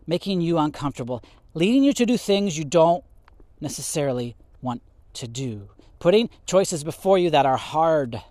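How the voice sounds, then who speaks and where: Male podcast Bible teacher, fairly high voice, dry close sound, lively and chuckling, acts out quotes. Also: no echo. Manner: animated, laughs often, acts out quotes. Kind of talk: casual podcast sermon.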